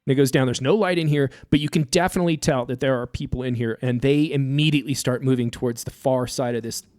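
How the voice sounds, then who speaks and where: A man narrating as game master of a tabletop game, halting with many fillers. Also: medium pitch, a little mellow, dry recording, clean studio sound.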